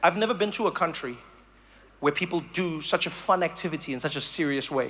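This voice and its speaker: A man from Africa, doing animated live stand-up comedy and storytelling. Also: a little high, brisk, noisy background. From South Africa. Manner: animated storytelling, acts out voices.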